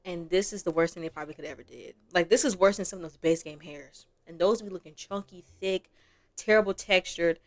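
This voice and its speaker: A woman's voice: lowish voice, fairly quick. A young woman giving casual gameplay commentary as a gaming creator, chatty and rambling, laughing often.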